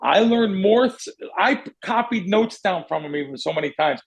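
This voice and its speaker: Gravelly high-voiced man rambling on a podcast. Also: lively intonation, moderate pace. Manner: rambling storyteller who curses and goes off on tangents. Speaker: podcast host, sports bettor. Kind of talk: casual podcast chat.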